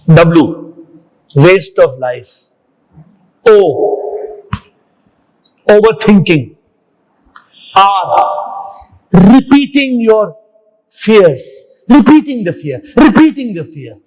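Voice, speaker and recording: A man's voice: high-pitched, big pitch swings, drawn-out words, pauses often, a little mellow, rough recording. A man giving a motivational talk in an interview, punchy and repetitive with word-play and acronyms. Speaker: guest speaker on the mind and life.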